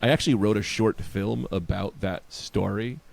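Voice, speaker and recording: A comedian on a podcast, telling a story in casual chat and acting out the other people in it. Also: male voice, on the low side, moderate pace, creaky, no room sound. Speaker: comedian guest.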